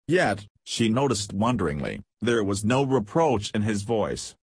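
A man reading a period novel aloud as an audiobook narrator, in a measured, even storytelling manner. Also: on the low side, breathy edge, dry recording. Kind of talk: scripted narration.

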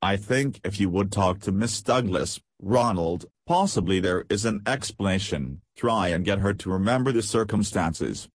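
A cool, understated detective who speaks calmly and drily, as a man reads him in an audiobook. The voice is low and husky, recorded close in a dead-dry space. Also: moderate pace, hardly any pauses, no room sound. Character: calm shrewd middle-aged male detective.

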